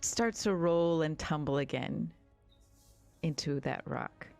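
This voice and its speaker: A woman game master narrating a tabletop game in a relaxed way, guiding the players with prompts. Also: low voice, takes it slowly, gravelly, faint music behind.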